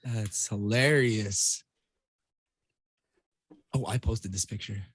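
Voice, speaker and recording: A woman's voice: extremely low pitch, slow pace, husky, no echo. A woman chatting with amusement on a live video call.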